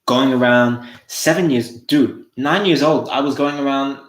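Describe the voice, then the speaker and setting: A man's voice: mid-range voice, measured pace, reverberant, a little hiss or hum. A young Australian man hosting a casual motivational monologue, swearing freely and restarting his phrases. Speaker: host.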